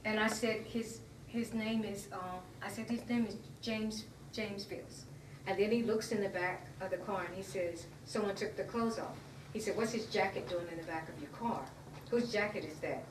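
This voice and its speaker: A woman's voice: medium pitch, a little hiss or hum. Earnest woman recounting, distant roomy mic. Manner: earnest, emotional, halting retelling. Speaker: interviewee. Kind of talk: personal account in an interview.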